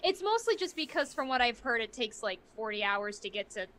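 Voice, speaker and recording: A woman co-hosting a gaming podcast, giggly and animated in casual chat. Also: fairly high pitch, a little fast. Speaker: podcast co-host.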